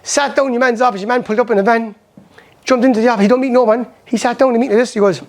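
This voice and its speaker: Middle-aged Irish man, high-voiced, fast, animated storyteller at a motivational seminar. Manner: rapid, animated storytelling that acts out past conversations. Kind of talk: motivational seminar talk with personal stories.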